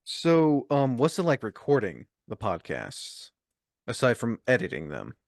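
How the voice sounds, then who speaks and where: Man, casual podcast host, relaxed, dry sound. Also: medium pitch, measured pace, gravelly, dry recording. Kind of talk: casual interview chat.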